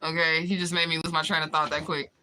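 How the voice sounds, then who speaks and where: Woman livestreamer, bright and punchy voice, profane and candid, laughs a lot. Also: low-pitched, flat delivery, quick pace. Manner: candid, profane, laughs often, answers viewers directly. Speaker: livestream vlogger reading chat comments. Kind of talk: casual livestream chat.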